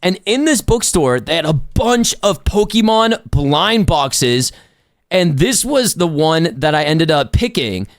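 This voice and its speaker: A young man live-streaming a haul and unboxing, chatting excitedly with his viewers. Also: fairly high pitch, a little slow. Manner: excitable, talks to chat.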